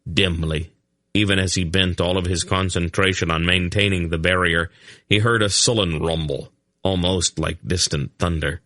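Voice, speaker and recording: A man reads a fantasy audiobook in a steady, measured way. His voice is very low, and the recording is close and dry with no room echo. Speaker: audiobook narrator.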